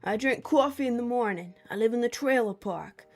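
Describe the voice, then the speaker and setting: A woman's voice: on the high side, a little fast, darkish tone, voice pushed up, lightly acted. A woman putting on a mock Southern accent, parodying a trucker who lives in a trailer park. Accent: mock Southern American.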